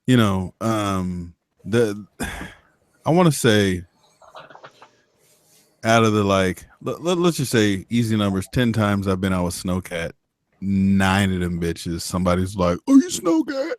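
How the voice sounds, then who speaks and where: Low-voiced man telling rambling stories. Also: takes it slowly, no echo. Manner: rambling, profane storyteller. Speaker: motovlogger. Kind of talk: casual chat.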